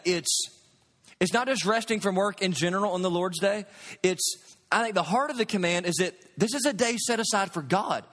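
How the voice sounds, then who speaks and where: A man preaching a sermon as pastor, animated and swinging between loud emphasis and quiet asides. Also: sits high. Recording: long hall reverb.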